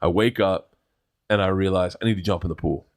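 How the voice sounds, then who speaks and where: Guest: a middle-aged man with a lowish voice, an animated and rambling storyteller. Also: fairly quick. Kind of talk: casual storytelling chat.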